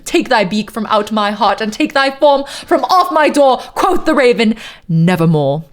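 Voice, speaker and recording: A woman's voice: fairly high pitch, big pitch swings, moderate pace. A woman streamer doing a dramatic poetry reading in a put-on posh British accent, theatrical and drawn out, echoing repeated words.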